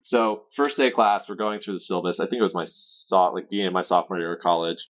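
Low-voiced rambling man on a call. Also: fast, lo-fi sound, a little hiss or hum. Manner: rambling storyteller with swearing and fillers. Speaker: podcast co-host. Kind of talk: casual chat. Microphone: remote call.

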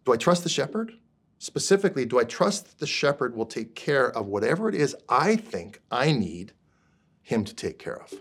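A male pastor preaching in a relaxed, conversational way. He keeps checking that his listeners are following him, mixing scripture with everyday stories. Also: mid-range voice, moderate pace, husky. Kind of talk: sermon.

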